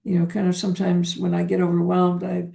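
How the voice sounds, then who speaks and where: A woman guest, a psychotherapist, talking in a reflective, hesitant way with frequent pauses and ums during a spiritual interview. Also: on the low side, monotone, vocal fry, mellow.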